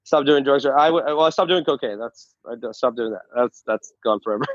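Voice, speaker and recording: Guesting on a casual interview, a male stand-up comic talks briskly in a mid-range voice, stammering, restarting often and cursing freely. Arabic is his first language; he comes from Saudi Arabia and then the U.S. The sound is dull and lo-fi, without echo.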